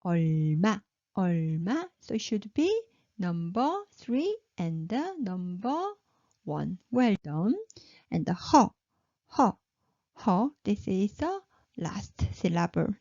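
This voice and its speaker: Woman drilling syllables slowly. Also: lowish voice, sing-song, darkish tone, no echo. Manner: repeats each syllable three times, praises learners. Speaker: Korean language teacher. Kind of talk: slow, drilled pronunciation lesson. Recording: slightly dull, lo-fi recording.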